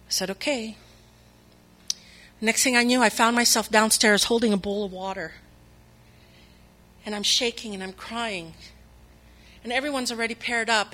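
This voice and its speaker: A woman's voice: fairly high pitch, normal speed, bright, forceful tone. A woman telling a personal faith testimony in an earnest, emotional way, acting out the voices of people she quotes. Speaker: speaker sharing her testimony.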